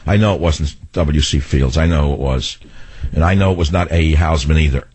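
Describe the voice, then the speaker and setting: Husky, ranting older talk radio host. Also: male voice, very deep voice, fairly quick, darkish tone, no echo. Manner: ranting, sarcastic, mocking mimicry. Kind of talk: political radio monologue.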